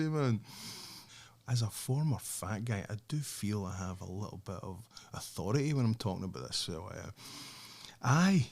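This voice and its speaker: A man's voice: medium pitch, big pitch swings, slow, creaky, pauses often, darkish tone. Scottish guy ranting solo on his podcast, swears a lot, keeps laughing. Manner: sweary, laughs often, sardonic. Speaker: podcast host.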